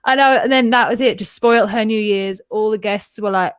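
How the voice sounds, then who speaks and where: Lively woman telling a story. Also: medium pitch, moderate pace, smooth, no echo, studio quality. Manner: animated storyteller, acts out quoted voices. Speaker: podcast co-host. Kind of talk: casual chat, storytelling.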